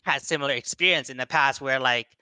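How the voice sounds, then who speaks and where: A man's voice: mid-range voice, fairly quick, sharp tone, clean tone, dry recording. A young man giving a casual seminar talk to young people, rambling with many fillers and restarts and acting out quoted voices. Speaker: seminar speaker.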